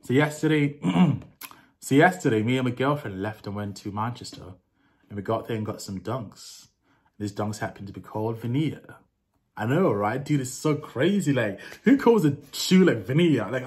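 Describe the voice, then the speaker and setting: A man's voice: mid-range voice, natural voice. A man putting on an American accent to play a bragging young male skater dude. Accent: put-on American.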